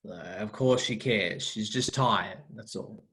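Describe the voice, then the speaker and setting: A woman's voice: rumbling low, a little slow, a bit bright. A woman reading the part of a young husband, placating and defensive. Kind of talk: cold-read play reading. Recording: roomy echo.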